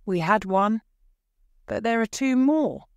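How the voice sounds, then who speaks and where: A woman's voice: medium pitch, very animated, measured pace, dry recording, highs cut off, pitched above the performer's own voice. Storybook mother, grieving and desperate, insisting urgently, read by a woman narrator; dry, close sound. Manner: urgent, pleading.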